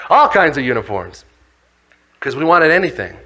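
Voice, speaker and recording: A man giving an animated religious talk, telling a story in a dramatic, energetic way. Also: a little high, takes it slowly, husky. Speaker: speaker.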